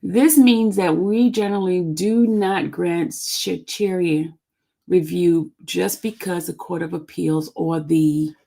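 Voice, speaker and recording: A woman with a low, warm voice and vocal fry speaks slowly as she hosts a live stream. She reads out a court document, stumbling on the legal language, and chats informally in between.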